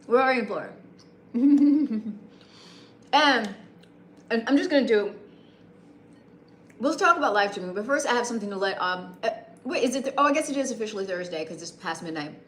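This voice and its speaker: A woman's voice: fairly high pitch, expressive, a little fast, pauses often, a bit bright, echoey room, slight background noise. A woman live streaming a rambling late-night chat with viewers, greeting them by name, with a broadcaster-like voice.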